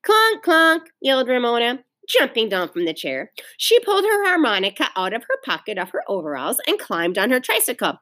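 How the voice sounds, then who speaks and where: Expressive woman teacher reading aloud. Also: a little high. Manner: expressive storytelling, pauses to explain to children. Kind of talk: reading a novel aloud to a class.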